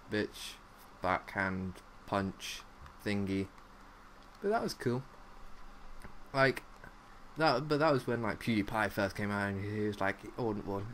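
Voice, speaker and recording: A young gaming commentator with a fairly low, fairly bright voice plays a zombie game, chattering goofily and hopping from one weird topic to another with plenty of "like." Slight background noise can be heard.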